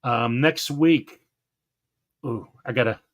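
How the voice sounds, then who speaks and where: A man with a mid-range voice hosts a casual gardening live stream. He talks in an excitable, rambling way, laughing often and stumbling over names. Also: mid-range voice, slow pace, muffled recording.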